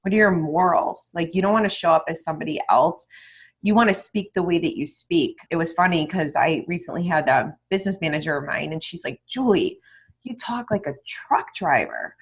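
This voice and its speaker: A woman with a somewhat low voice talks on a podcast as a guest in candid, lively conversation. She swears without fuss and drops into quick acted-out snippets of past conversations, then carries straight on. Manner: candid and animated, swears freely; acts out remembered conversations. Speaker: guest, online marketing mentor. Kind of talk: casual interview talk.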